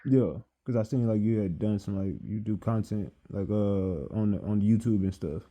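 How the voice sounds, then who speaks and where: A man's voice: lowish voice, moderate pace, warm tone. A man interviewing a guest, asking blunt, probing questions in a casual way.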